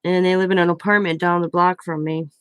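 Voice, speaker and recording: A woman's voice: lowish voice, little pitch movement, fast talker, clear, resonant tone. An older woman, a grandmother, chatting at home and rambling through a story with lots of self-corrections. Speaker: craft vlogger. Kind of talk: casual storytelling.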